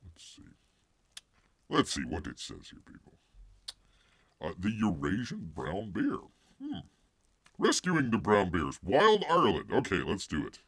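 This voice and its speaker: A man's voice: extremely low pitch, huge pitch swings, normal speed, creaky, long pauses, a bit bright, breathy edge, no room sound. A middle-aged man hosting a casual live stream, rambling and joking, calling himself Bear in the third person. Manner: rambling, jokey, many fillers and restarts.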